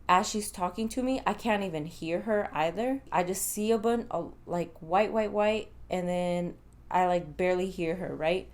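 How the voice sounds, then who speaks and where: A young woman vlogger telling a casual story, animated and swearing freely, laughing now and then. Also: lowish voice.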